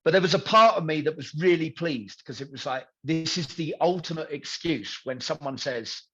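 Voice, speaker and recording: A man in his thirties tells his story candidly on a podcast. His voice sits a little high and has a husky edge, and he acts out the other voices in the story. The recording is dull and lo-fi. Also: moderate pace. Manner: animated, acts out dialogue in quoted voices. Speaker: podcast guest.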